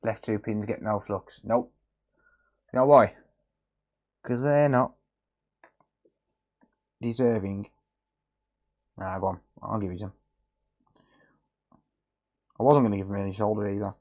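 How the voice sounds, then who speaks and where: A man's voice: fairly low pitch, fairly even intonation, measured pace, long pauses, darkish tone. A man chatting casually on a live stream while fixing electronics, often muttering and teasing viewers.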